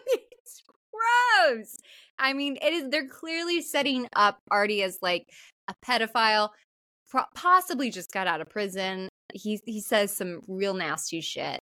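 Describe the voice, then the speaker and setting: A woman's voice: mid-range voice, lively intonation, moderate pace, pushed and bright, dry recording. A woman co-hosting a podcast, recapping a movie in casual, chatty talk with plenty of fillers and some swearing. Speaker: podcast co-host.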